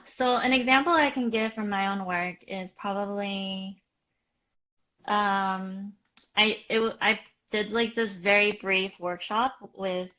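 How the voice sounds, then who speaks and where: A woman's voice: medium pitch, sharp tone, muffled recording. A woman co-hosting a casual live-stream chat, answering viewer questions in a chatty way full of fillers. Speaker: co-host.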